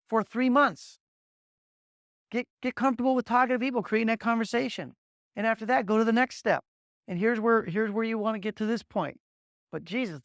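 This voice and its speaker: A man's voice: high-pitched, no echo, studio quality. A middle-aged man from Las Vegas giving a sales training talk, acting out sample small-talk lines and often repeating words. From Las Vegas, Nevada. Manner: animated, acts out sample dialogues, repeats words.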